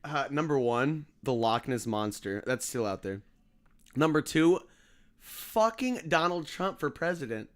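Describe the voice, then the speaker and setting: A man's voice: mid-range voice, expressive, a little slow. A man co-hosting a podcast in casual comedic chat, joking, laughing often and swearing freely. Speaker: podcast co-host.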